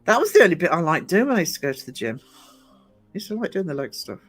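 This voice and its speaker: High-voiced man chatting on a live stream. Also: sing-song, quick pace, a bit bright, breathy edge, soft background music. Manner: chatty, greets viewers by name, teasing, laughs often. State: low on energy. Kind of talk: casual live-stream chat reading out viewer comments. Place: gym.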